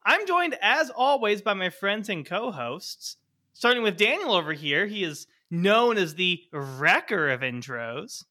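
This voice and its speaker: A man's voice: high voice, very animated, a little slow, sharp tone. A man hosting a tabletop game podcast as game master, introducing his co-hosts with laughing, exasperated banter. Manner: laughing, exasperated, stop-start.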